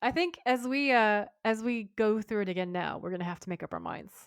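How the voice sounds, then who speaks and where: A woman's voice: medium pitch, animated, a little fast, creaky, clean tone, no room sound, clean studio sound. A woman co-hosting a podcast, chatting casually as she recaps episode scenes, reads dialogue aloud and giggles often. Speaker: podcast co-host.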